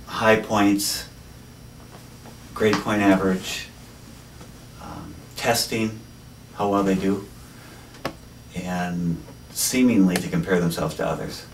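An educator being interviewed, speaking slowly and deliberately with pauses. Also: male voice, deep voice, slight background noise. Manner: slow, deliberate, pausing. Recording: distant mic in echoey room.

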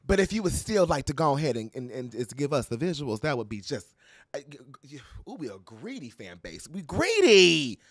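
A young man with a high, lively voice that swoops all over as he riffs on pop culture, sassy and dramatic. The sound is close and dry, with no room around it. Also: no room sound. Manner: sassy, dramatic, playful with quick laughs and mock quotes. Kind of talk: animated casual commentary to camera.

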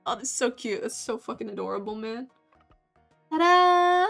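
A young woman streaming a game, talking casually and swearing freely, with loud outbursts at enemies. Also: fairly high pitch, expressive, normal speed, creaky. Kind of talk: casual gameplay commentary. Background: faint game music.

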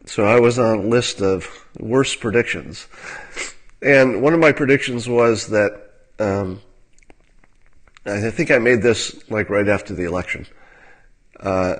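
Male commentator, low-pitched, dry musing delivery, casual webcam talk. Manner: wry and musing, with filler words and soft laughs.

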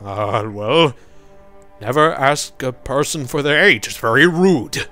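A man voicing a sly old king in a deep, slow, mock-solemn voice with a slight put-on British accent. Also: lively intonation, pushed and bright, faint music behind.

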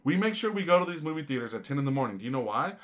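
A man co-hosting a casual podcast, ranting in an animated way with lots of swearing and acted-out quotes. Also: mid-range voice, racing. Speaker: podcast co-host.

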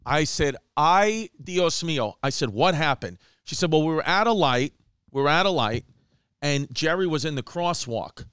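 A man's voice: on the high side, smooth, dry recording, clean studio sound. A man, a comedian and podcast host telling a rambling story and acting out the people in it. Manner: animated, acts out quotes, rapid run-on storytelling.

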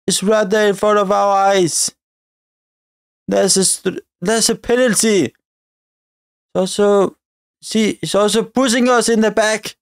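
A man's voice: high voice, fairly even intonation, slow, long pauses. A man giving live, chatty commentary over a football video game as a gaming video creator, grumbling at the referee and his players.

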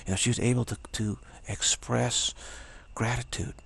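A man's voice: mid-range voice, little pitch movement, moderate pace, creaky, a bit bright, husky. A man telling a spiritual story in a rambling way, repeating himself and restarting often, with a sore throat. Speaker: spiritual teacher. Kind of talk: casual spoken reflection.

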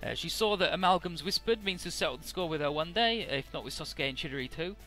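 A man's voice: a little high, expressive, fast, sharp tone, faint music behind. A man casually recapping a game's story, chatty, with many filler words and the odd swear. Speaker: let's play narrator.

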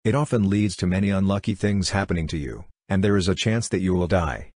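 Man voicing a scheming demon lord, calm, very low, husky, dry close sound, audiobook. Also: brisk, no echo. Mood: composed. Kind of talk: audiobook character reading.

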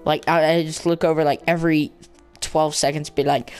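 Young woman, gaming channel host, casual and playful commentary, slightly low voice. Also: level tone, normal speed, a little mellow, clear, resonant tone. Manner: playful, chatty, talks to in-game animals in a squealing baby voice.

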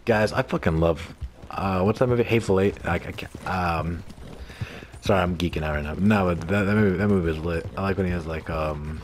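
A man with a lowish voice commenting on his own gameplay, excitable and quick to swear. He jokes with himself and reacts loudly to what happens on screen. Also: a little hiss or hum. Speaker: gameplay streamer.

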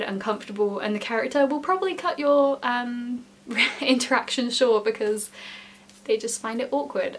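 Young woman vlogger with a slightly high voice, telling work stories in a chatty, filler-heavy way. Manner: chatty, many "like" fillers, lively emphasis. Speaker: former theme park character performer. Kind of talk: casual storytelling vlog.

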